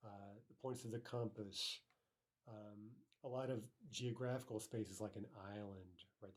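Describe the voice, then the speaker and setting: Man, lowish voice, teacher, recorded lesson, patient, repeats phrases slowly, fillers and restarts. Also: darkish tone, breathy edge. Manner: fillers and self-corrections. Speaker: language teacher.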